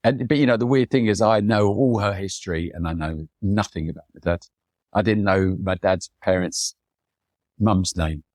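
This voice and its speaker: A man with a low voice tells long, wandering personal stories in a relaxed interview. He slips into the voices of the people he quotes. The sound is dry and close, with no room echo. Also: moderate pace. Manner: rambling anecdotal, mimics people in quotes. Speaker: photographer, podcast guest. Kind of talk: reflective storytelling in conversation.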